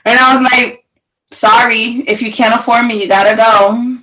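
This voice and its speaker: A woman's voice: fairly high pitch, fairly even intonation, normal speed, pushed and bright, rough recording. A young woman co-hosting a podcast, teasing and joking in casual banter. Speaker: podcast co-host. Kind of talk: casual chat.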